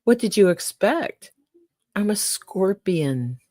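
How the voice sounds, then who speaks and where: A woman voicing a sly, scheming scorpion in a told fable, with a smooth, coaxing tone. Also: medium pitch, sing-song, slow pace, darkish tone, no echo, studio quality. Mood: cold.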